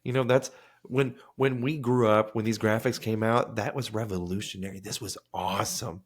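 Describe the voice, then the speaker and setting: A man's voice: fairly low pitch, steady tone, normal speed, husky. A man co-hosting a podcast, chatting casually and telling rambling stories with acted-out quotes. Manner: rambling storyteller, acts out quotes. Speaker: podcast co-host. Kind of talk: casual chat.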